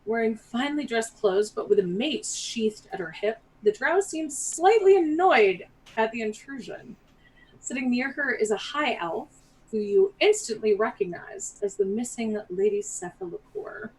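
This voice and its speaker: A woman narrating a tabletop game as game master, relaxed and quick to laugh. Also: a little high, husky, recorded from a distance, rough recording.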